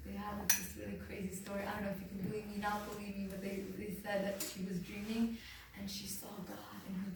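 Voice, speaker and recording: A woman's voice: mid-range voice, darkish tone. A woman speaking earnestly to a group in a question-and-answer session, filling her talk with "like" as she shares personal feelings. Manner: earnest, emotional, lots of "like" fillers. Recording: very echoey room, far from mic, faint noise.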